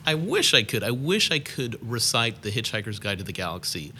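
A man's voice: mid-range voice, big pitch swings, brisk, pushed and bright, a little hiss or hum. A man hosting a casual podcast chat, asking guests questions in an eager, easygoing way. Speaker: podcast host.

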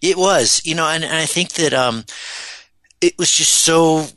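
Bright-voiced man telling a story. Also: on the high side, unhurried, no room sound. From United States. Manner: animated, rambling storyteller. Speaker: guest. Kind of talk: podcast interview storytelling.

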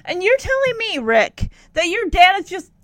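A woman's voice: extremely high pitch, sing-song, normal speed, no room sound. A woman chatting casually as she recaps an old TV episode and talks back to its characters. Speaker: show recapper.

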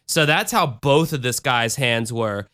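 Chatty American man, bright clear voice. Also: mid-range voice, measured pace. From United States. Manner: chatty, retells cases with asides and bad impressions. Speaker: podcast host. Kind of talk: casual true-crime chat.

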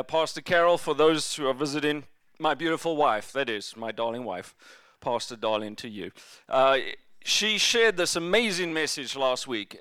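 A man's voice: a little high, clear, resonant tone, dry recording, studio quality. A male pastor preaching a sermon in a church, telling stories and slipping in jokes. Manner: jokey, lively storytelling preacher.

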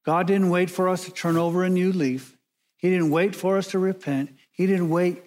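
A man preaching a sermon as pastor, measured and emphatic, slowing down and pausing to stress key words. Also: sits high, fairly even intonation, darkish tone.

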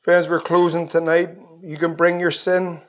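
A man preaching an evangelistic sermon, swinging between loud pleas and hushed tones. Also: a little high, flat delivery, normal speed. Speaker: pastor. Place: church. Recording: dull lo-fi sermon recording.

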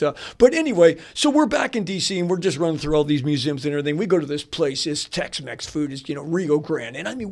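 A male pastor tells a story on a radio show, with a gravelly edge to a slightly raised voice. He rambles and fills with "you know", laughing easily as he goes. The sound is close studio radio. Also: high voice. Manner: animated, rambling, many fillers, laughs often. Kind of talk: casual storytelling.

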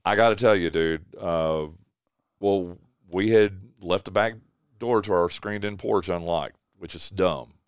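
A man's voice: low-pitched, a little slow, smooth, no room sound. A man hosting a radio show from his home studio, telling stories casually with many fillers and restarts, recovering from bronchitis. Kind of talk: casual chat.

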